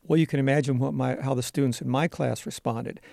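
A gravelly, dark-voiced man talks through his classroom work as an interview guest. He explains earnestly and pauses on "uh" fillers. The sound is dry and close. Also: medium pitch, steady tone, no echo. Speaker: elementary school teacher, interview guest.

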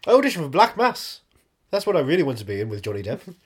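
Lively, theatrical joking man. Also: fairly high pitch, quick pace, slightly rough. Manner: playful, theatrical, swings between loud and hushed. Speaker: podcast co-host playing a fake guest. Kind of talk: improvised comedy banter.

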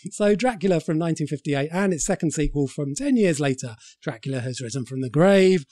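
A man's voice: a little high, animated, brisk, mellow. Sweary man hosting a podcast. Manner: sweary, joking, laughs often. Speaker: podcast host. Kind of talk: casual film-review chat.

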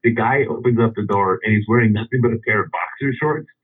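A man's voice: on the low side, fast, crowd noise. A man casually telling a long anecdote, rambling with many restarts and chuckles. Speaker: storyteller. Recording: phone-like radio line.

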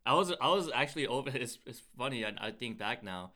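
A man's voice: medium pitch, lively intonation, quick pace, sharp tone. A man in casual chat who laughs often and makes self-deprecating jokes.

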